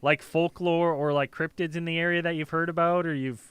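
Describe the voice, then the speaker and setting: A man's voice: a little high, steady tone, a little fast, a bit bright, clean tone, no room sound. A man hosting a casual podcast chat, joking loosely and laughing. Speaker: podcast host.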